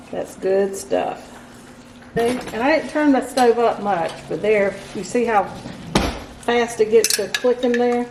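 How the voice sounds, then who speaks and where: A woman's voice: on the high side, a little mellow, roomy sound, a little hiss or hum, low-quality recording. Woman chatting through a cooking demo. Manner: chatty, instructive, homey. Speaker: home cooking host. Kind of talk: casual cooking demonstration. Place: home kitchen.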